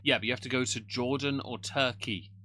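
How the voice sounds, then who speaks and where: A man's voice: mid-range voice, fairly even intonation, a little fast, noisy background. A man hosting a casual livestream, with blunt, sarcastic and profane commentary.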